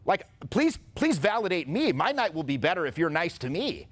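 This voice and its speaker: A man's voice: sits high, very animated, normal speed, no room sound. A man putting on the voice of a needy young man who begs strangers for attention and approval, in a pleading, whiny tone.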